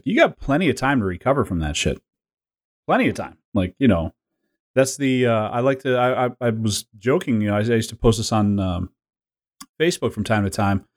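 A man in his forties, co-hosting a podcast in casual, rambling chat, joking and laughing often. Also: lowish voice. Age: 40s. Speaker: podcast co-host.

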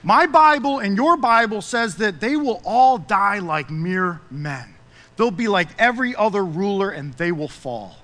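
A man preaching a sermon as pastor, emphatic, rising loud and dropping soft. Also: high-pitched, expressive, measured pace, big-room sound, a faint crowd.

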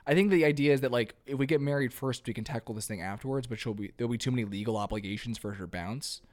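A man in casual conversation about a film, mid-pitched and easygoing. He riffs on scenes and slips into quick impressions of the characters. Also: darkish tone. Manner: quick riffing with acted-out quotes. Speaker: podcast co-host. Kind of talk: casual movie-review chat.

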